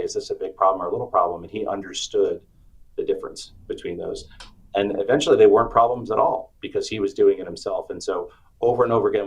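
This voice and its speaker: A middle-aged man, an author being interviewed, telling personal stories with animated acted-out quotes. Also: low-pitched, husky, rough recording. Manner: animated storyteller, acts out quotes. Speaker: author and guest. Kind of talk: storytelling interview chat.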